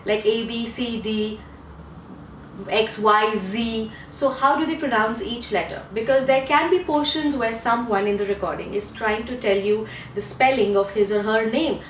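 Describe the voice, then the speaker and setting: A woman's voice: fairly high pitch, a little hiss or hum. A woman coaching for an English test in a chatty teaching monologue, repeating points and asking rhetorical questions, English not her first language. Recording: echoey room, mic at a distance.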